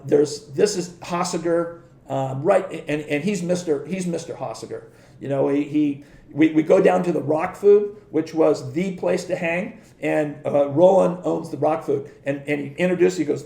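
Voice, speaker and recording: Gravelly middle-aged man telling stories. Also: on the high side, warm tone, echoey room. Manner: rambling, with many restarts and acted-out quotes. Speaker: guest, former pro surfer and surf industry rep. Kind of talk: casual storytelling.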